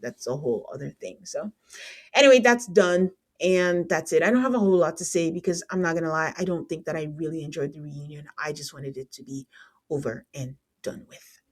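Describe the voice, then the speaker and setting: Exasperated woman recapping reality TV. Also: a little fast. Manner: exasperated, lively pitch swings. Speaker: podcast host.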